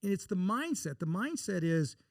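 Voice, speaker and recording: A man's voice: sits high, sing-song, moderate pace, creaky, no echo, clean studio sound. A man from Texas, an investor guest in an interview, telling blunt, folksy stories and acting out the dialogue in them. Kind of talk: casual interview storytelling.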